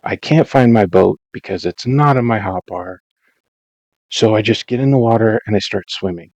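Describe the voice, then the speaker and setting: A man's voice: lowish voice, normal speed, darkish tone, dry recording, highs cut off. A man narrating his own gameplay in a rambling, self-mocking, dramatized way, in a casual voice-over. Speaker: Minecraft let's-play narrator.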